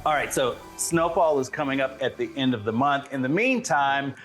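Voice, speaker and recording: A man's voice: mid-range voice, expressive, moderate pace, a bit bright, soft background music. A man hosting a streaming roundup show, reading scripted intros and then chatting in an upbeat, storytelling way. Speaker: show host.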